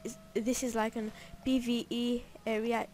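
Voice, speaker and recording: A woman's voice: fairly high pitch, little pitch movement, a little slow, darkish tone, a little hiss or hum. A woman giving casual gameplay commentary in a playful, rambling way, with joking asides to herself. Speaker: gameplay narrator.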